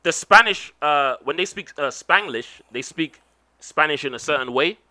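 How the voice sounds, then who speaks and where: An animated man with an English accent, talking in a relaxed, casual chat. His voice is bright and forceful and sits a little high, and he swears freely as he gets going. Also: moderate pace. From England.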